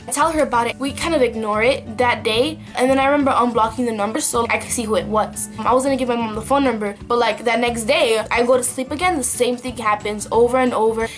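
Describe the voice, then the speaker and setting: A young woman telling a story to her vlog camera in a chatty, filler-heavy way. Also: on the high side. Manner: chatty, lots of likes and ums. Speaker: vlogger. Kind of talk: casual story time.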